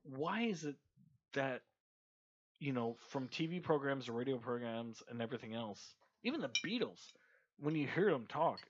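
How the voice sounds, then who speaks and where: A man's voice: mid-range voice, lively intonation, moderate pace. A man co-hosting a podcast, chatting casually with profane, joking banter. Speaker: podcast co-host. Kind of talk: casual chat. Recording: dull lo-fi podcast recording.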